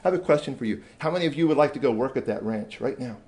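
A man telling a story to a room of teachers, animated and shifting between loud emphasis and quiet asides. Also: medium pitch, very fast, hardly any pauses. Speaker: speaker addressing teachers. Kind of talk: storytelling talk to an audience.

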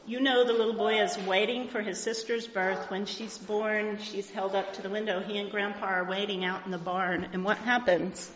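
A woman's voice: medium pitch, fairly even intonation, normal speed, few pauses, fairly bright tone. A middle-aged woman speaks to a live audience with enthusiasm and emphasis. Now and then she reads passages aloud. The recording is lo-fi and dull, with a long hall echo and faint noise behind her.

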